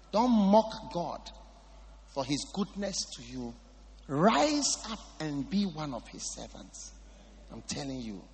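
High, lively preacher in a hall. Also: male voice. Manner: emphatic, repetitive preaching. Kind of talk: sermon.

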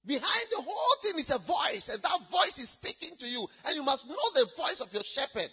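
A woman preacher delivering an emphatic sermon, repeating herself, swinging between loud shouted lines and hushed asides. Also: high-pitched, big pitch swings, fairly quick, highs cut off.

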